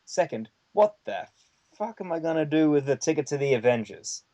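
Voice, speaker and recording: A man's voice: on the high side, sing-song, a little fast, mellow. Chatty man telling a rambling story. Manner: rambling anecdote with many fillers and casual swearing. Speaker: podcast guest. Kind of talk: casual storytelling chat.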